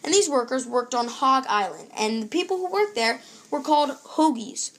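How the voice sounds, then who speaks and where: A woman's voice: high voice, lively intonation, normal speed. A young woman presenting a scripted food show in an upbeat, read-aloud presenter tone.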